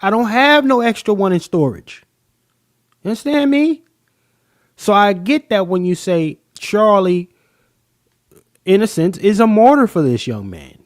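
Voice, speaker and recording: A man hosting a casual livestream, talking emphatically in loose slang with frequent pauses. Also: high-pitched, very animated, no room sound, clean studio sound. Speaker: livestream host.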